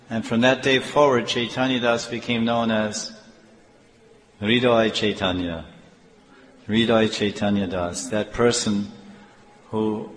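A man telling devotional stories in an animated sermon, with halting restarts. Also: fairly low pitch, a little hiss or hum. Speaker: devotional storyteller. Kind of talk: storytelling sermon. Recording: echoey hall, faint ambience.

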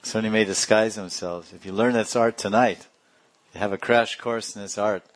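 A man's voice: on the low side, steady tone, a little fast. A man giving a playful storytelling religious talk, laughing often and acting out characters. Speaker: religious teacher.

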